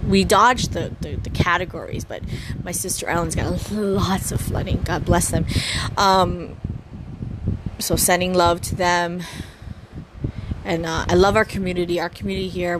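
A woman in her thirties chatting casually as a vlogger from her room, talking into her phone with lively, swooping inflections. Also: lowish voice. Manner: animated, lots of vocal inflection. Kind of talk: casual chat. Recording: phone recording with background noise.

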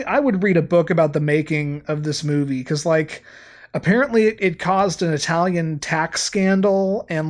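A man co-hosts a podcast in loose, casual chat. He rambles and fills his sentences with filler words. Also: fairly high pitch. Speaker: podcast co-host.

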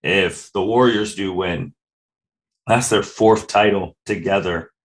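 Co-host, male, lowish voice, steady and methodical in casual chat. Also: takes it slowly, rough recording. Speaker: podcast co-host. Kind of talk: casual sports podcast chat.

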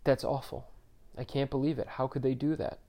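A man voicing a calm, soft-spoken adult man in a story reading, his tone gentle and even. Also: medium pitch, fairly quick, close to an everyday voice.

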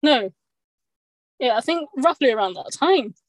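A woman's voice: high voice, lively intonation, a little slow, no room sound, rough recording. A woman chatting casually on a podcast, rambling with lots of fillers and restarts. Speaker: podcast co-host. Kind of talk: casual chat.

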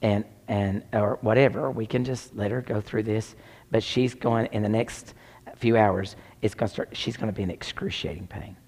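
A man's voice: lowish voice, fairly even intonation, moderate pace, darkish tone. A man preaching a sermon, telling a personal story with dramatic shifts down to near whispers. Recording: long hall reverb.

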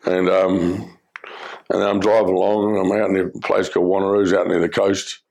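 A middle-aged Australian man with a deep, gravelly voice tells his life story as personal testimony. He speaks in a flat, level tone. His delivery is earnest and halting, full of fillers. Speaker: former criminal telling his life story.

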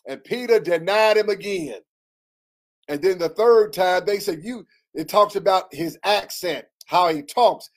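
A guest pastor on a podcast preaches in a storytelling style with a high, unhurried voice. His intensity swells and then falls back down.

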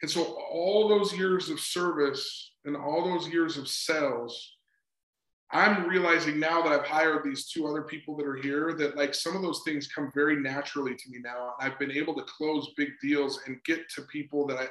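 Brief: middle-aged male consultant, higher-pitched, earnest and chatty, echoey room. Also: fairly even intonation, normal speed, fairly bright tone. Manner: earnest, repeats "right?" and "just". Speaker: sports psychology consultant. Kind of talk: casual interview talk. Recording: roomy echo.

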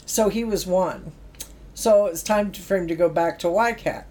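A woman's voice: fairly low pitch, moderate pace, mellow. A middle-aged woman, telling stories about her youth work in a chatty way, laughing now and then. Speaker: former youth project worker. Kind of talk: anecdotal storytelling.

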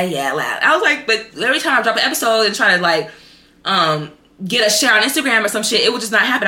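Young woman, podcast host, candid and profane, casual storytelling, bright tense voice, echoey room. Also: mid-range voice. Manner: candid, profane, animated, lots of fillers.

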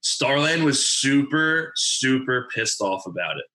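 A man in his twenties from New Jersey chats casually, telling a story and rambling with lots of fillers and swearing. His voice is bright and forward, and the room gives it a noticeable echo. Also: medium pitch, expressive, measured pace. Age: 20s. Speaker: podcast guest telling a story. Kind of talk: casual chat.

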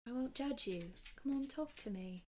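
A woman's voice: sits high, animated, moderate pace, a little mellow. A woman reading the part of a caring young male best friend aloud from fan fiction, playful and giggly. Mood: comforting.

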